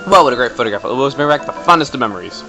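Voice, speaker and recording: A man's voice: mid-range voice, lively intonation, very fast, over music, lightly acted. A man voicing a cheerful, boastful male photographer from a game in a showy, sing-song way.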